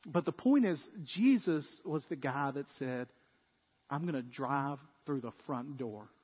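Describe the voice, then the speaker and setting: A man preaching a sermon as pastor, telling stories and becoming animated as he retells a scene. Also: medium pitch, measured pace, breathy edge. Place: church. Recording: dull, echoey church hall.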